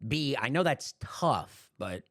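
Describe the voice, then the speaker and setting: A man moderating a podcast draft, lively and emphatic as he reads out the results. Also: fairly high pitch, a little fast, no echo, clean studio sound. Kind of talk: casual podcast chat.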